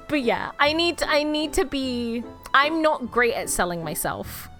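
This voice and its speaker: A young woman streaming and chatting casually, animated and self-deprecating, often breaking into laughter. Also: high-pitched, measured pace, few pauses, soft background music. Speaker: VTuber streamer.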